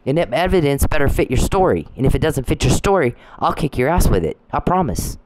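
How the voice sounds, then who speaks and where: A woman's voice: sits low, big pitch swings, fairly quick, noisy background. A woman talking in an angry, rambling monologue, combative and profane, with frequent restarts.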